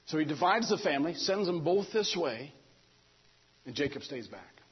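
A man's voice: a little high, animated, moderate pace, slightly rough. A man preaching a folksy, conversational sermon, retelling the story with humor and playing out the characters' talk. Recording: dull lo-fi recording.

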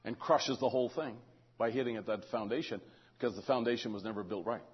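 A man's voice: medium pitch, quick pace, husky, lo-fi sound. A man preaching a conversational sermon in a church, often checking in with the congregation and adding joking asides. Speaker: pastor. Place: church sanctuary.

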